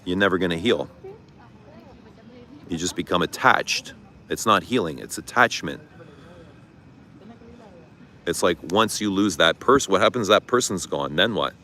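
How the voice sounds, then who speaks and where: Speaking at a measured pace with frequent pauses, this middle-aged livestream host has a low, sharp-toned voice and lively intonation. He's outside with traffic noise around, reading viewer comments aloud and replying in candid, casual talk sprinkled with swearing.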